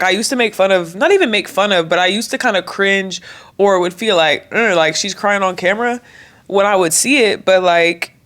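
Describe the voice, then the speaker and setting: A woman's voice: medium pitch, a bit bright. A young woman talking candidly to camera in a vlog, emotional and chatty, her voice close to cracking. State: voice cracking, near tears. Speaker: vlogger. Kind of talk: casual talk to camera.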